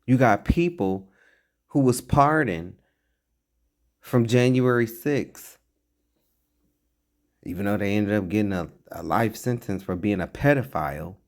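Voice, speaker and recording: A man giving blunt, profane, mocking reaction commentary on a clip. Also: lowish voice.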